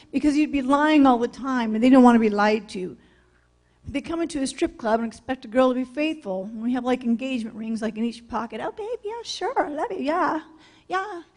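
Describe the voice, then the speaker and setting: A woman's voice: high voice, darkish tone. A woman from California giving a public talk in a blunt, candid storytelling manner. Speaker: speaker sharing her testimony. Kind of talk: public talk, personal testimony.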